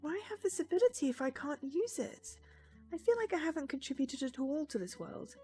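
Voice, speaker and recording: An eager, earnest teenage girl narrating her story, as a woman reads her lines. The pitch moves a lot. Faint game music plays behind. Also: lively intonation, a little fast, dark tone. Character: sixteen-year-old girl, earnest and eager. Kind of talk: visual novel voice reading.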